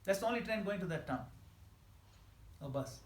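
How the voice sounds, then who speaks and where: Higher-voiced man teaching in an echoey hall. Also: racing. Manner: animated, emphatic, laughs at his own examples. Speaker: spiritual teacher giving a scripture class. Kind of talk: scripture class lecture answering questions. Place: temple hall. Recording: echoey hall with faint ambience.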